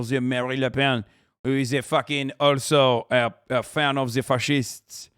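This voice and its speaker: A man's voice: mid-range voice, flat delivery, a little slow, a bit bright, clear, resonant tone, no echo, studio quality. A man reacting to a video as a streamer, ranting casually and profanely with lots of fillers. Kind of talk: casual commentary.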